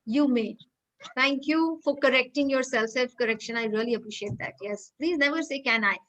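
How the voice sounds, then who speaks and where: A woman's voice: high-pitched, normal speed, fairly bright tone, poor audio. A woman teaching pronunciation over a video call, explaining rules patiently and quizzing students by name. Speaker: English teacher. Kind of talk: online class teaching.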